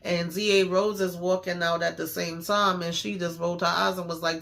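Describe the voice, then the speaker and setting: Man host, fairly high bright voice, slangy and emphatic, casual episode recap. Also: little pitch movement, moderate pace, gravelly, few pauses. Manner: slangy, emphatic storytelling with many fillers.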